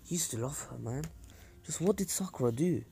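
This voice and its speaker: A man's voice: fairly high pitch, expressive, fairly quick, creaky, warm tone, breathy edge, pitched above the performer's own voice, heavily acted. A man voicing a stern female village leader in a worried, questioning manner.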